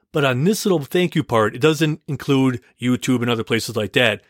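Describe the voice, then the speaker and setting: A man's voice: medium pitch, fairly bright tone, no echo, studio quality. A man hosting his own movie podcast, talking casually and gratefully to listeners, often stumbling and correcting himself. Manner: rambling, self-correcting, grateful. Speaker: podcast host. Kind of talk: casual solo podcast talk.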